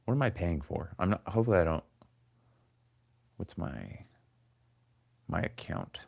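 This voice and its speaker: A man's voice: low voice, big pitch swings, unhurried, creaky, darkish tone, no echo. A man in his forties hosting a casual livestream, rambling and swearing as he grumbles to his chat. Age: 40s. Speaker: comedian livestream host.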